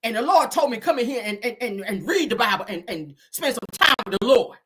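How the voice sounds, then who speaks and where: A woman putting on an outraged churchgoing mother, scolding in shrill, rapid-fire questions. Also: sing-song, noisy background. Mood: indignant.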